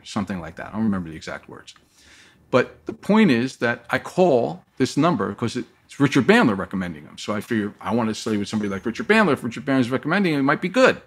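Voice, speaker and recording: A man telling a long personal story as a guest in an interview, lively and acting out the voices of the people he quotes. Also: mid-range voice, quick pace, husky.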